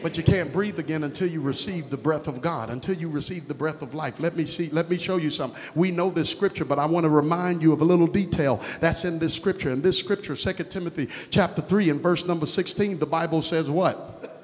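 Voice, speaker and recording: In a big-room sound, a man delivers a sermon that swings between quiet teaching and loud, rhythmic exhortation, complete with call-and-response refrains. His voice is a little high and a little fast.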